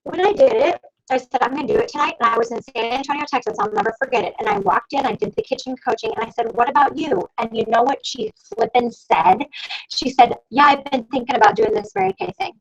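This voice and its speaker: A woman coaching her sales team over a video call, talking fast and exclaiming often as she calls out to her listeners. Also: fairly high pitch, breathy edge. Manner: fast, animated, exclamatory, addresses listeners as "you guys". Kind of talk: energetic sales training talk. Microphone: computer mic on a video call. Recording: dull lo-fi video call audio.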